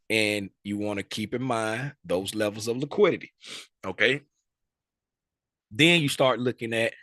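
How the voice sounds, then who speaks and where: A man's voice: mid-range voice, a bit bright, no room sound. A man teaching a live class, quizzing students and repeating key points with frequent tag questions. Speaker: trading instructor.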